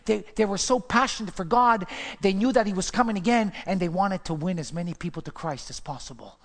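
A male pastor preaching with fervor, his voice pitched a little high and ringing out in a church with a long, lingering reverb. He rises to loud calls, then drops to near-whispers. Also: expressive, fast. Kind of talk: sermon.

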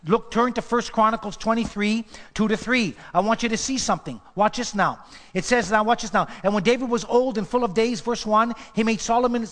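A man's voice: high voice, brisk, hardly any pauses, fairly bright tone, long reverb tail. A man pastor preaching a sermon with emphatic repetition, sometimes dropping to a whisper. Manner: emphatic preaching, repeats phrases, drops to whispers.

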